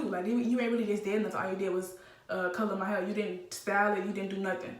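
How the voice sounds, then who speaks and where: A young woman telling a casual storytime vlog, animated and slangy with lots of fillers. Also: mid-range voice, brisk. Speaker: vlogger. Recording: roomy, slightly distant phone mic.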